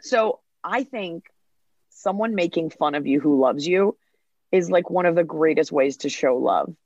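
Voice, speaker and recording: Animated woman comedian, dull dry sound. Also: fairly low pitch, unhurried, no room sound. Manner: animated storytelling, acts out dialogue. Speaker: comedian guest. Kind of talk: podcast interview.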